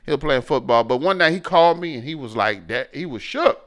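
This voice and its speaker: Animated man telling stories. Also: medium pitch, brisk. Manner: animated storyteller, swings between loud and quiet. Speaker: podcast co-host. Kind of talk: casual chat.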